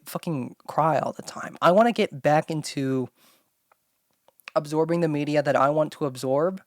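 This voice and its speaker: A woman's voice: low-pitched, dry recording. Rambling young woman, dry close sound. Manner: rambling with constant "like", blunt and swearing. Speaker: solo podcast host. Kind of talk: casual talking-to-camera chat.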